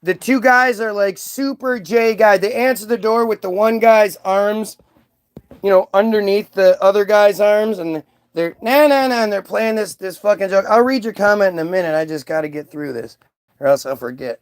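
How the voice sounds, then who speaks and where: A man's voice: high-pitched, moderate pace. A man hosting a livestream, ranting casually to his chat in a heated, profane way with many restarts. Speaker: livestream host. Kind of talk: casual rant to a live chat.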